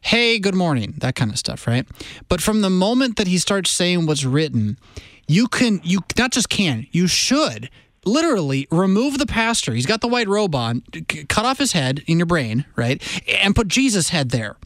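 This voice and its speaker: A man hosting a casual theology talk, animated and conversational, often restarting his sentences and checking in with "right?". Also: high voice, moderate pace, dry recording.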